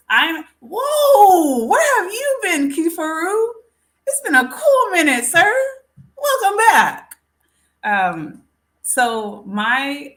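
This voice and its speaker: A woman's voice: mid-range voice, sharp tone. A woman hosting a casual live stream, talking straight to her viewers and calling them folks. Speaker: livestream host.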